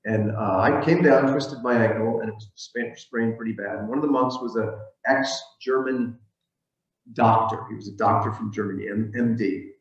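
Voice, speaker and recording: A man's voice: fairly low pitch, steady tone, normal speed. A male minister giving a conversational sermon with storytelling and frequent restarts. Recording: echoey, dull room sound.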